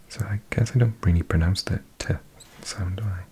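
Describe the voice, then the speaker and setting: A man's voice: low-pitched, brisk, hardly any pauses, darkish tone, slight background noise. A man hosting his channel in a whispered ASMR style, musing to himself and repeating practice words aloud. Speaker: channel host.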